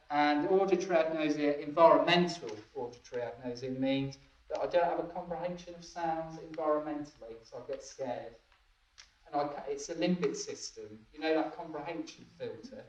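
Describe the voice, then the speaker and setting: A man giving a training talk, often laughing and checking that his listeners follow. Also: on the high side. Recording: echoey room, distant dull mic.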